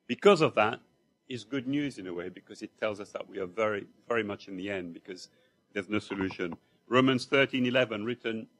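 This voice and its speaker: A man's voice: on the low side, fairly bright tone. A man from Mauritius, preaching a sermon in church in a conversational storytelling way, with asides to the congregation. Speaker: lay preacher.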